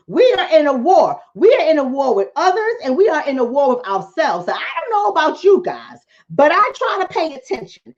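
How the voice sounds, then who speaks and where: A woman's voice: high voice, sing-song, normal speed, few pauses, lo-fi sound. A woman vlogger and coach giving impassioned commentary to her viewers, preaching, repeating lines for emphasis and calling them family.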